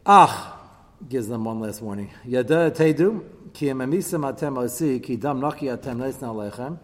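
A man teaching a text-study class, animated, his voice jumping up whenever he quotes and chants verses. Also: mid-range voice, normal speed. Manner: animated, voice leaping up when quoting and chanting verses. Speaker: Bible teacher. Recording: long hall reverb.

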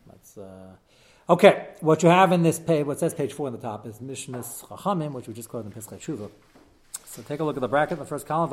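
A man teaching a text-study class, explaining quickly and animatedly with frequent "uh" fillers. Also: a little high.

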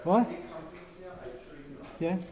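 A man teaching a lively religious class, telling anecdotes with animated, exasperated emphasis. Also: extremely slow, crowd noise. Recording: long hall reverb.

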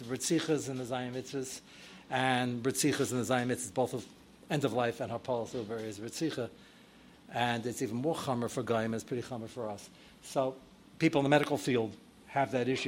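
A man, a rabbi teaching a Torah class, sprinkling in Hebrew and Yiddish terms and growing loud and animated when he acts out his examples. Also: medium pitch, a little hiss or hum.

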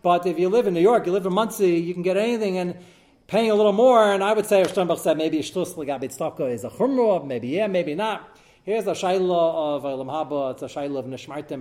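Male talk show host, voice a touch high, rambling storyteller who uses Hebrew and Yiddish terms. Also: fast talker, darkish tone. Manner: repeats and restarts while telling a story.

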